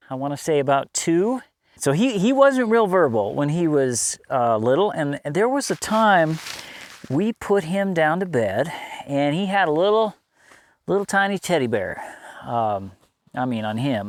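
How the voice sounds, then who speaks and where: A man's voice: fairly high pitch, dry recording. Man telling a story, dry sound. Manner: conversational, laughs often, many restarts. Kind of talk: casual storytelling.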